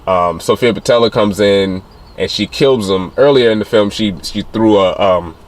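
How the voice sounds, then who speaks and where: Male reviewer, low-pitched, loose and chatty, retelling a plot with plenty of fillers. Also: normal speed. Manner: rambling retelling with many fillers, acting out quotes in a higher voice. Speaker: film reviewer. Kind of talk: casual spoiler recap of a film.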